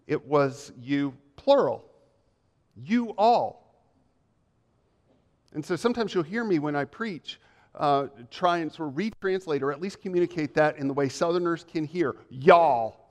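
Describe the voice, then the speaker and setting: Pastor preaching in a reverberant church hall. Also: male voice, a little high. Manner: measured, emphatic, with repeated phrases and pauses. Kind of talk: sermon. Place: church sanctuary.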